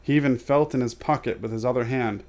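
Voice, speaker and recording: A man reading a storybook aloud as a storyteller, steady and measured, with offhand asides. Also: medium pitch.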